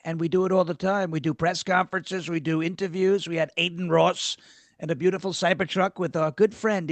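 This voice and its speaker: A bragging, rambling elderly politician, as a man does an impression of him in a mock debate. He piles on superlatives in a slightly high voice. The sound is dry and close. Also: a bit bright, no room sound, natural voice. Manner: meandering, self-praising, full of superlatives. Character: boastful rambling older male politician.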